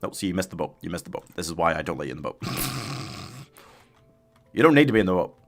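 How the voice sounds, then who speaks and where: Low-voiced male gamer chatting to his stream. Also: sing-song, quick pace, gravelly, faint music behind. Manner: chatty, answers chat, laughs often, yelps at in-game danger. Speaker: live streamer. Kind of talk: casual live-stream chat while gaming. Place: home streaming setup.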